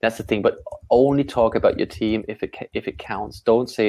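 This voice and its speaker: A man from Austria whose first language is German, a guest on a live online talk giving startup pitch advice in an emphatic, energetic way. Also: normal speed. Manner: energetic, emphatic, repeats words when starting a point.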